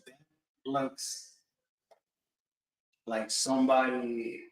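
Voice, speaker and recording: A male student in a class, repeating words back to the teacher in a quiet, polite way. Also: mid-range voice, little pitch movement, very slow. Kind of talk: classroom repetition. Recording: echoey room.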